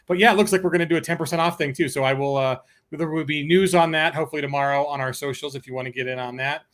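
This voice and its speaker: A chatty, upbeat man hosts a livestream, running through offers with plenty of ums and uhs. His voice sits a little high and sounds bright and forceful. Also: fairly even intonation, rapid-fire. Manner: chatty, upbeat, many fillers. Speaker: host of a publisher's launch stream. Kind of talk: casual livestream pitch.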